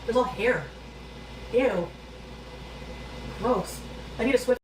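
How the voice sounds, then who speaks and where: A woman's voice: fairly high pitch, takes it slowly, noisy background. A woman talking to her viewers while she cooks in a home kitchen, chatty and casual. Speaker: cooking vlogger. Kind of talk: casual cooking vlog.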